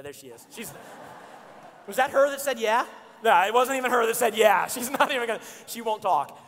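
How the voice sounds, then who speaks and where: Bright-voiced joking man in a reverberant hall. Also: sits high. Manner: animated, joking storyteller. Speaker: speaker. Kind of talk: storytelling sermon. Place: church auditorium. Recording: long hall reverb in a church.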